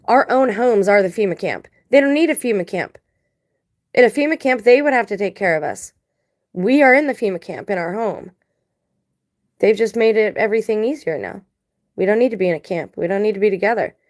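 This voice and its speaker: A woman's voice: medium pitch, expressive, brisk, darkish tone. A woman vlogging casual commentary to her viewers, blunt and emphatic, talking straight to the audience. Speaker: video blogger.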